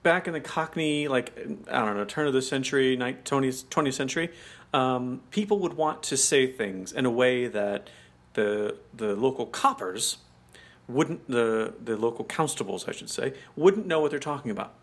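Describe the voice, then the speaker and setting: A man's voice: medium pitch, expressive, moderate pace. An American man co-hosting a podcast in casual chat, explaining at length and laughing often. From United States. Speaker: podcast co-host.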